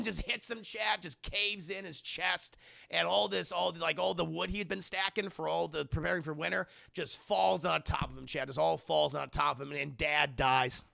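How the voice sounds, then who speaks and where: A young man giving a casual, profane, animated comic film recap to a live chat. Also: a little high, normal speed, gravelly, no room sound, clean studio sound.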